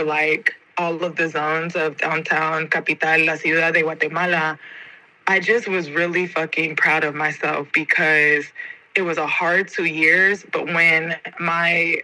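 Bright-voiced woman telling a heartfelt story. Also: low voice, rough recording. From United States (Georgia). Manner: expressive, slangy, heartfelt. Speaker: podcast guest. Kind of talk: emotional personal storytelling.

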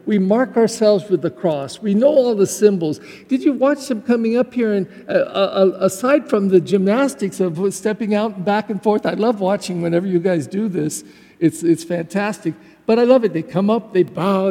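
A man's voice: high-pitched, mellow, big-room sound. A man, a Catholic pastor, giving a graduation Mass homily in a church, talking in a heartfelt, conversational way with frequent restarts.

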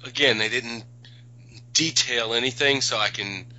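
A man's voice: medium pitch, measured pace, bright, forceful tone. A man in casual chat about a TV episode, making wry, sarcastic remarks. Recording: slightly muffled lo-fi audio.

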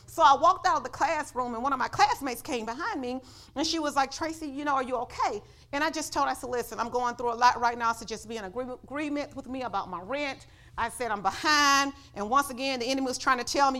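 A woman pastor preaching a sermon in church, telling a personal story and building up to shouts of praise. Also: high voice, fast.

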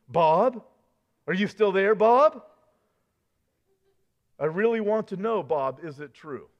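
A preacher voicing a shaken male TV news anchor who pleads with a colleague in an urgent, raised voice. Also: high voice. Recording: dull lo-fi recording.

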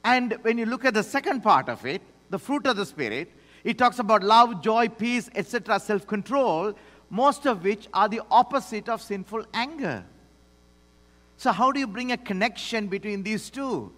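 Male pastor, sermon, high voice, emphatic then hushed, long reverb in a big church hall. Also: animated, normal speed. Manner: emphatic preaching, swings between loud declarations and hushed asides.

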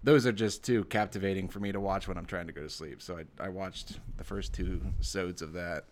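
A man's voice: low-pitched, fairly even intonation, a little fast. A man co-hosting a podcast in casual chat, rambling and sarcastic, with lots of fillers and self-deprecating jokes. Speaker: podcast co-host.

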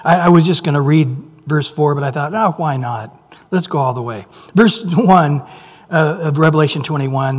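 A man preaching a sermon, dropping to near whispers and rising to loud emphasis, drawing out scripture slowly. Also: fairly high pitch. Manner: reads scripture aloud with slow, drawn-out phrases. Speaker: pastor. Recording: long reverb of a large hall.

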